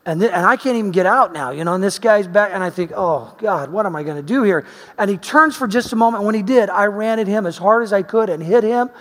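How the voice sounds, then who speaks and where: Male preacher, high-pitched, lively storyteller who shifts from loud to hushed; large echoing hall. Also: fast talker, few pauses. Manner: animated storyteller, swinging between loud emphasis and quiet asides. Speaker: pastor. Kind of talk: sermon with personal storytelling. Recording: long reverb of a large hall.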